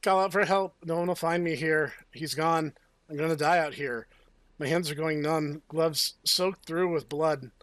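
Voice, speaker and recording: A man's voice: on the high side, steady tone, moderate pace, a bit bright, dry recording. Playful man, dry close sound. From United States. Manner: playful, jokey asides. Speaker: host. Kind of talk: let's play, reading game text aloud.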